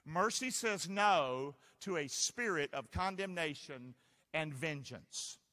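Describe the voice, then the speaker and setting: Man, pastor, preaching, call-and-response, lively pitch, bright and forceful tone, long church reverb. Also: slow pace. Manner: animated call-and-response preaching, asks the crowd to answer. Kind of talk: sermon. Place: church sanctuary.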